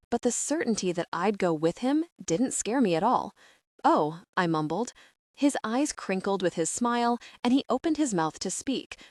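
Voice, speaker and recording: A young adult woman narrating a first-person romance audiobook in a measured, expressive storytelling manner. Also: mid-range voice, no echo, studio quality.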